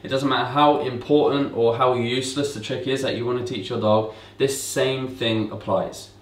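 A man with a medium-pitched voice explains dog training at a moderate pace in casual, instructional talk. He sounds relaxed, repeating commands the way an owner would. He's recorded from a distance, so the room echo is noticeable.

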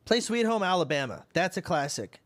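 A man's voice: sits high, big pitch swings, a little fast. A man streaming a game and chatting casually, brash and trash-talking with plenty of swearing. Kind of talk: casual gaming stream chat.

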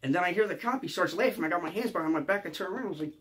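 Fast-talking Philly man telling a story. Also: sits high, animated, fairly bright tone, slightly rough. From Philadelphia area. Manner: rambling, profane, tags lines with "okay?". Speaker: comedian. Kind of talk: storytime monologue.

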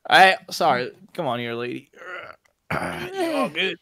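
A man's voice: on the high side, expressive, unhurried, pushed and bright, heavily acted. A man playing a bumbling Wild West outlaw in an improvised comedy podcast, talking in a hesitant, stammering way. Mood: flustered. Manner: hesitant, stammering, bursts of laughter. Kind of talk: improvised comedy role-play.

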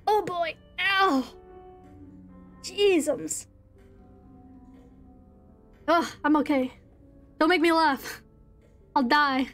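Brief: young woman streamer, high voice, giggly and blunt, faint game music behind. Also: very slow, pauses often, fairly bright tone. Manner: giggly, reactive, swearing, exclamatory. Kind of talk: live gaming commentary.

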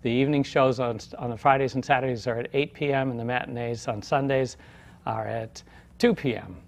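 A man hosting a community TV interview as a theater company president, hesitant with frequent pauses and fillers. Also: medium pitch, steady tone, vocal fry. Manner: hesitant, many uhs.

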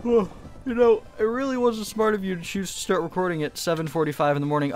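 A young man playing along as co-player, excitable and teasing, with sudden shouts in casual gameplay commentary. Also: high voice, fast talker, dry recording, faint music behind.

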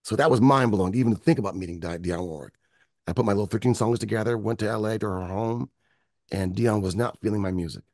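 A man's voice: fairly low pitch, fast, no room sound, clean studio sound. A man from Michigan, a music producer and guest, telling stories in an interview and acting out the voices of people he quotes. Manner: animated storyteller acting out quotes. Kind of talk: storytelling interview.

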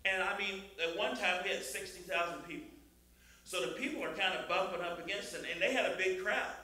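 A man's voice: high voice, brisk, sharp tone, heavy reverb, far from the mic. An older man from Missouri sharing a testimony in church, building to fervent praise. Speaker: church member leading testimony time. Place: church sanctuary.

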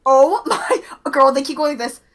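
A woman's voice: sits high, animated, normal speed, fairly bright tone. A young woman co-hosting a reaction video, gushing and swearing as she repeats herself. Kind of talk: excited reaction chat.

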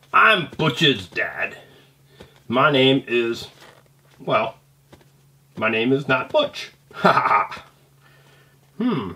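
A man voicing a male T-rex father toy in a slow, lowered drawl. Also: creaky, bright, forceful tone, recorded from a distance, exaggerated voice.

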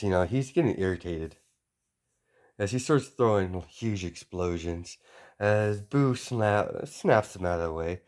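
Brief: low-voiced man slowly rambling through a fan story, halting. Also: darkish tone. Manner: hesitant, many fillers and restarts, chains clauses with "as". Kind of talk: improvised fan-story narration.

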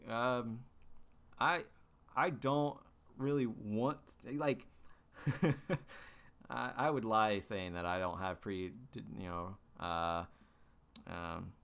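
A man's voice: lowish voice, fairly even intonation, slow, creaky, long pauses, a bit bright, smooth. A young man hosting a podcast, telling stories in a loose, rambling way full of fillers and restarts. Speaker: podcast host. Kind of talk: casual monologue.

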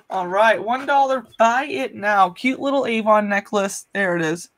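A woman's voice: mid-range voice, slow. A woman hosting a live jewelry auction stream, chatting casually, greeting viewers and laughing often.

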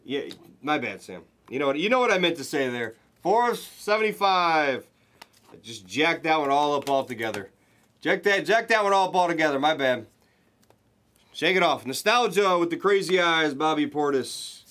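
A man hosting a live card break, calling out pulls to viewers with excited, hyped commentary and the odd swear. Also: fairly high pitch, moderate pace.

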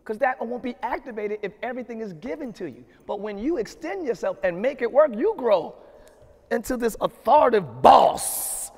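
High-voiced pastor preaching in a reverberant hall. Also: male voice, animated, moderate pace. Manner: preaches with rising shouted emphasis and repeated refrains. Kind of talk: sermon. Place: church sanctuary.

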